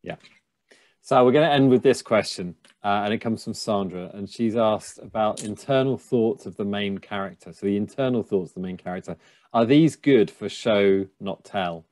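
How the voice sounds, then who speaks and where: A man hosting a live writing Q&A, relaxed and hesitant, reading out viewer questions. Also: on the low side, normal speed, no echo. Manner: relaxed, affirming, hesitant with fillers. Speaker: host. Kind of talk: live Q&A chat.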